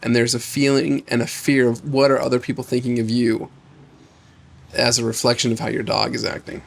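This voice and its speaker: Gravelly man coaching gently. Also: mid-range voice, level tone, a little fast. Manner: gentle, reflective, affirming. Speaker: podcast co-host and coach. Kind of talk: coaching conversation.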